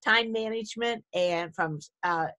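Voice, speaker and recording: A woman's voice: medium pitch, unhurried, sharp tone. A woman hosting a casual video call chat, friendly as she guides the talk and wraps it up. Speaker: host.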